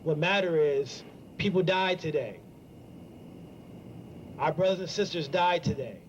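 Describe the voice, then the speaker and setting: A young man speaking to a campus gathering, earnest and halting, pausing often as he shares a personal reflection. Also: a little high, a little hiss or hum, low-quality recording. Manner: earnest, halting, with many ums and pauses. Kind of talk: heartfelt spoken reflection.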